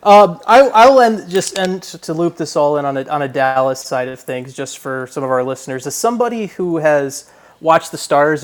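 A man, a guest reporter, telling a story in casual podcast talk, rambling with restarts and laughing along. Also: fairly high pitch.

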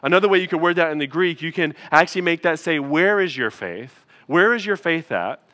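Bright-voiced casual male pastor. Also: a little high, animated, fairly quick. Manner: casual, conversational preaching with frequent asides to the congregation. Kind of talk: sermon. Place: church.

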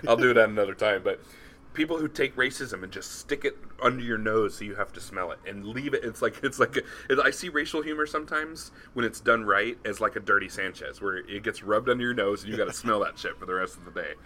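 Middle-aged man, podcast co-host, low pitch, very bright tone, animated storytelling. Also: quick pace, slight background noise. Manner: animated storyteller, acts out quoted voices. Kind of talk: casual chat.

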